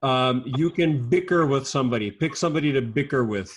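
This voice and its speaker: Teacher, online kids' class, video call mic, upbeat, patient, rapid questions, mid-pitched. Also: slightly rough.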